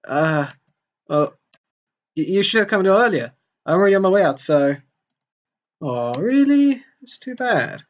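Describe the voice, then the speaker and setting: A man's voice: sits high, very animated, normal speed, long pauses, muffled recording, pitched above the performer's own voice. A man voicing a prickly young girl from a game who talks in a hesitant, defensive stammer. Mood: flustered.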